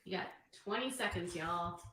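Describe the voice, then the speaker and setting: A woman's voice: on the low side, moderate pace, sharp tone. A woman chatting casually on a livestream, reading out poll results and counting down. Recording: roomy livestream audio with faint noise.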